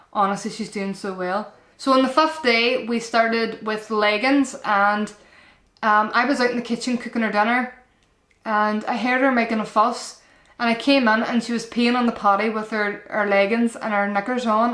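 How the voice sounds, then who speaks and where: A woman's voice: mid-range voice, a bit bright. A young woman and mum giving earnest, chatty parenting advice to camera in a casual vlog style, often calling her viewers "guys" and repeating herself. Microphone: camera-mounted shotgun mic. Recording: echoey room.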